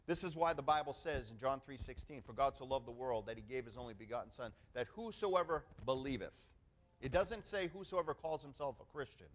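Emphatic male pastor preaching. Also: mid-range voice. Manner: emphatic preaching with call-and-response "amen". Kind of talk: sermon.

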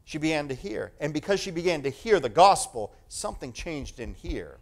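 High-voiced preacher man, really lively swings up and down, punchy repeats. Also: normal speed. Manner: animated, emphatic, repeating phrases. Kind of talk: sermon.

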